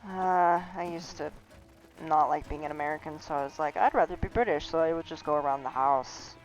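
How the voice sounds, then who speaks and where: A woman's voice: sits low, fairly even intonation, fairly quick. A woman game streamer giving chatty, rambling, giggly commentary live. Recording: slightly dull stream audio with faint game music.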